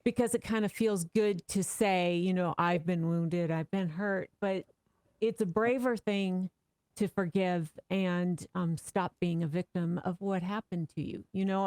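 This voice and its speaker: A woman's voice: lowish voice, vocal fry, dry recording. Woman co-host, affirming, encouraging, dry sound. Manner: warm, affirming. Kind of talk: casual faith talk.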